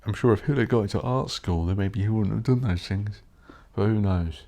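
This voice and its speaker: A man hosting a solo podcast, rambling bluntly and swearing while he thinks out loud. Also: lowish voice, brisk. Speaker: podcast host.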